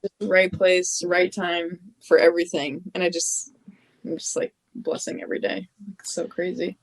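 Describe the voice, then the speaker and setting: A woman's voice: fairly low pitch, little pitch movement, moderate pace, low-quality recording. A young adult woman, a podcast guest, chatting casually and telling stories with lots of laughter and acted-out quotes. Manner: bubbly storyteller, laughs often, acts out quotes. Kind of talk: casual interview chat.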